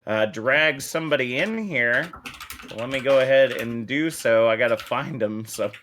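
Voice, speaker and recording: A man casting a live online match, calling the plays quickly with many fillers and asides. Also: medium pitch, a little hiss or hum. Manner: quick, excitable calls with frequent fillers. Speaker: esports caster. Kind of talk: live play-by-play commentary.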